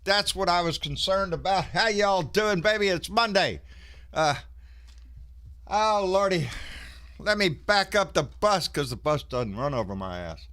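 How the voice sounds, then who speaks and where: A man's voice: high voice, lively intonation, unhurried, fairly bright tone. A man, out of breath, hosting a casual live stream and greeting viewers in a folksy, swearing way. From Texas.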